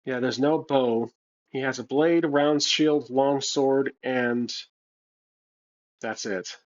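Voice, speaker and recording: A man's voice: mid-range voice, slow pace. A man narrating his solo tabletop adventure, thinking aloud with hesitations and restarts. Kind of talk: casual solo role-play narration. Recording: slightly dull lo-fi sound.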